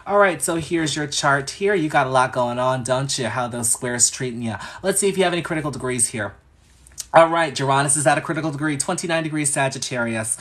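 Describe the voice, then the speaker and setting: Guy doing astrology readings on a livestream, talks fast and sassy, rambles a lot. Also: medium pitch, fairly bright tone. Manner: chatty and sassy, rambling asides. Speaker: astrologer giving live chart readings. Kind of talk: casual livestream chat.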